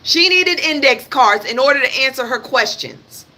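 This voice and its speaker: A woman's voice: high-pitched, animated, normal speed, bright, forceful tone. A woman hosting a live stream, giving blunt, emphatic political commentary. She repeats her points, swears freely and talks straight at her audience. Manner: addresses her audience directly. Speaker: livestream host.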